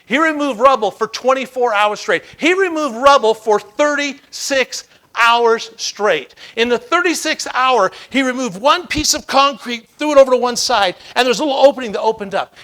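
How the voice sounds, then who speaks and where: A man giving a motivational keynote speech, telling stories with dramatic, repeated emphasis that swings from loud to hushed. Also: very high voice, normal speed. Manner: dramatic storytelling with emphatic repetition. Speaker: keynote speaker.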